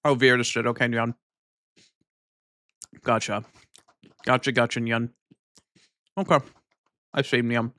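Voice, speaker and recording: A man chats casually with viewers on a live stream, swearing freely and mumbling unhurriedly as he eats, ending his lines with a playful cat-like "nyan" tic. His medium-pitched, fairly bright voice is delivered flatly, with clean studio sound and no echo.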